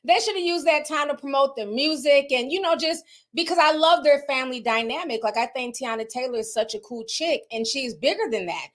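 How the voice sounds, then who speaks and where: A woman's voice: sits high, brisk. A woman commentator in casual chat, talking bluntly and with animation, swearing freely.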